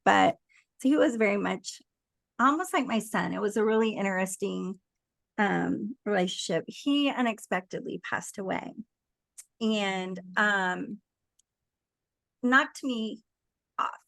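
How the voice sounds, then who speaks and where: Middle-aged woman, guest coach, gravelly, reflective storytelling. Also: mid-range voice, a little slow, fairly bright tone, no room sound. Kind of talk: conversational interview.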